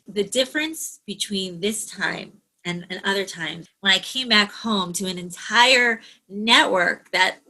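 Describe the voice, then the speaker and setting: A woman guest in an interview who answers in a calm, reflective and hopeful way. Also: lowish voice, rough recording. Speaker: interview guest, support group founder.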